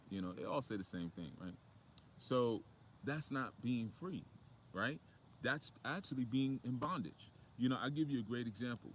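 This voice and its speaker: A man's voice: medium pitch, lively intonation, moderate pace, a little hiss or hum. A man, a spiritual motivational speaker, talking outdoors in a casual, preachy way with lots of fillers. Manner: conversational, preachy, with frequent fillers.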